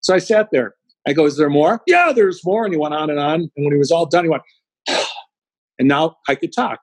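A middle-aged man tells stories in an interview, acting out each quote as he goes. His voice is a touch high and husky. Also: a little fast, no echo, rough recording. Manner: animated anecdotes with acted-out quotes. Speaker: guest speaker. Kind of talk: storytelling in an interview.

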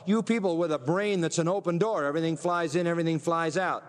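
A man's voice: sits high, long reverb tail. A man preaching a sermon, emphatic, often throwing rhetorical questions at his listeners. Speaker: pastor.

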